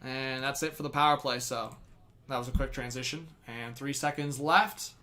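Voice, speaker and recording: A young man calling a hockey game play by play from a live stream, laughing often and shouting when the action heats up. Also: medium pitch, moderate pace. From Canada. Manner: laughs often, bursts into loud excited shouts on big plays. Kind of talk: live fan play-by-play commentary.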